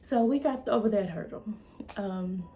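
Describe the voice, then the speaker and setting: A woman vlogger and mother casually retelling a story to her camera in a chatty, animated way. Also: mid-range voice, normal speed.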